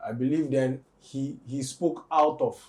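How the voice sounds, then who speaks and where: A man, discussing entertainment news on a talk show in a measured, deliberate way. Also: mid-range voice, steady tone, mellow. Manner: measured, deliberate, weighs both sides. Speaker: entertainment commentator.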